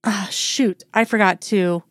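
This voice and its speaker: A woman's voice: medium pitch, fairly even intonation, unhurried, dry recording, clean studio sound, lightly acted. Mulder, read by a woman, earnest man. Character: adult man, male lead, earnest lover.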